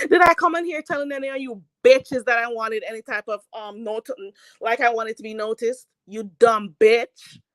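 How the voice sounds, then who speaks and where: Woman ranting, heated and mocking, profane, fairly high voice, dry close sound. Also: sharp tone, no room sound. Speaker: YouTube commentary host. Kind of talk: ranting commentary.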